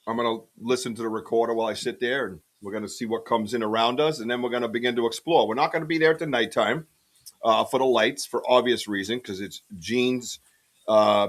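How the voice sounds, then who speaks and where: Excitable rambling podcast host guy. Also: mid-range voice. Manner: excitable, rambling, shout-outs to chat. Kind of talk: casual livestream chat. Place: home studio.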